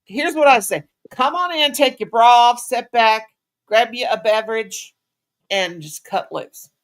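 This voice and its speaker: Speaking at a measured pace, the host has an expressive voice on the high side. She leads a casual live chat in a folksy, meandering style, sprinkling in Southern endearments such as "sugar" and "honey."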